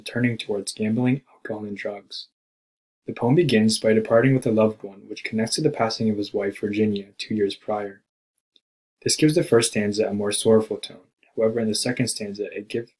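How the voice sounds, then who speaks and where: A man reading a school presentation aloud from a script, slowing down when he quotes the poem. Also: fairly low pitch, darkish tone, slightly rough, rough recording. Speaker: student presenter.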